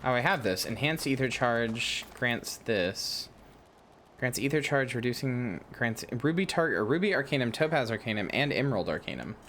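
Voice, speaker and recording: A man's voice: medium pitch, animated, normal speed, a bit bright, a little hiss or hum. A man livestreaming a game, chatting casually with viewers, joking and swearing. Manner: swearing, joking banter with chat. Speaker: streamer. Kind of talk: casual game stream chat.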